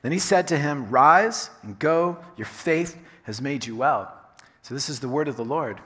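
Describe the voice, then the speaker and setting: A man preaching a sermon as pastor, talking in a relaxed, chatty way and laughing now and then. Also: medium pitch, normal speed. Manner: conversational, chatty with laughing asides. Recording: long reverb of a large hall.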